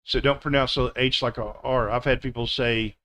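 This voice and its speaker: A man teaching pronunciation in a live online class, drilling words one by one and repeating them slowly and deliberately. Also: mid-range voice, steady tone, sharp tone, a little hiss or hum. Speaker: English teacher.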